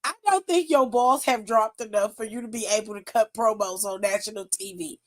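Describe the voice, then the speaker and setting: A woman's voice: a little fast, hardly any pauses. A young adult woman hosting a wrestling aftershow, recapping it in a blunt, profane, exasperated rant. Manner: blunt, profane, exasperated, laughs and pitch jumps up when mocking.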